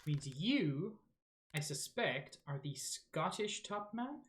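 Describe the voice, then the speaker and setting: A woman's voice: deep voice, big pitch swings, slow pace. A woman streaming a game live, thinking aloud in a casual, musing, self-mocking way with the odd swear.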